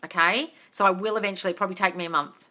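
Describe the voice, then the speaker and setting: A woman hosting a live question-and-answer stream. She reads viewers' comments and answers them bluntly, with constant swearing, often calling them "darling" and sometimes breaking into loud, scolding rants. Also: mid-range voice, fairly even intonation, racing. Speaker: host of a live manifesting Q&A. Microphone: livestream phone or webcam mic.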